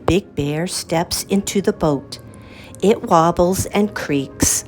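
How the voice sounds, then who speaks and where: A woman reading a picture book aloud to children, in a slow, lilting and expressive storyteller's manner. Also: lowish voice, soft background music.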